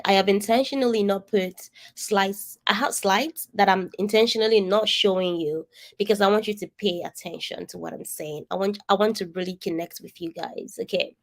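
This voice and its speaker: A Nigerian woman with a distinctive, somewhat nasal voice and an accent, coaching a group over a video call in an earnest, emphatic way, speaking straight to her listeners. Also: medium pitch. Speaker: coach leading an online session. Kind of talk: interactive coaching talk.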